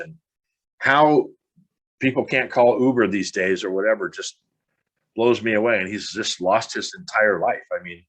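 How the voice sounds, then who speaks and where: A middle-aged man with a fairly low voice, talking straight into the mic in a blunt monologue. He sounds frustrated and curses freely as he pushes the listener to stop making excuses. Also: a bit bright, breathy edge. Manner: blunt, frustrated, swears casually. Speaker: podcast host. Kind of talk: motivational podcast monologue.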